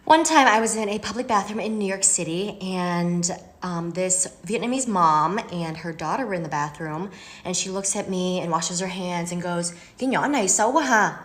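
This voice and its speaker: A woman telling a casual anecdote in a matter-of-fact, deadpan way. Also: on the low side, moderate pace. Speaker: storyteller.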